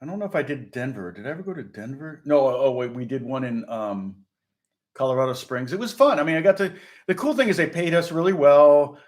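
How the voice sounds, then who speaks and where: A man's voice: fairly high pitch, lively intonation, brisk. A middle-aged man from Indiana, a guitar teacher rambling through a casual lesson chat, chuckling and restarting often. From Indiana, USA.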